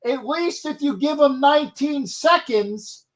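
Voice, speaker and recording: Guy hosting a sports talk show, really high voice, argues and cusses. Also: expressive, measured pace. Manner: argumentative, swears for emphasis. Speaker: podcast host. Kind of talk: casual sports chat.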